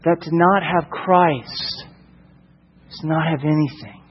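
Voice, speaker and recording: A man's voice: fairly high pitch, steady tone, slow, slightly rough, long reverb tail, dull audio. A male preacher delivering a sermon emphatically, with repeated rhetorical questions.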